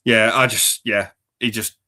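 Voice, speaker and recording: A man's voice: fairly low pitch, little pitch movement, a little slow, sharp tone. A man co-hosting a casual movie podcast, talking enthusiastically and rambling, with frequent swearing. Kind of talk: casual film chat.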